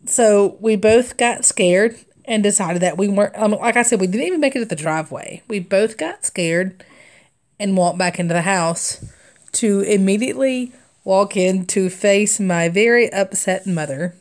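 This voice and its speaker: A woman's voice: medium pitch, a little mellow. Chatty laughing woman telling stories. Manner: chatty, laughs often, rambling with fillers. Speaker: craft livestream host. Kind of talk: casual storytelling chat while stitching.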